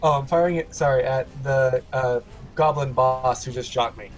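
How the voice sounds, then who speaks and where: A man's voice: mid-range voice, fairly even intonation, moderate pace. Give me a man playing a character in a tabletop game. He describes his turns plainly and adds a light, playful whine. Faint music runs underneath. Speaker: player.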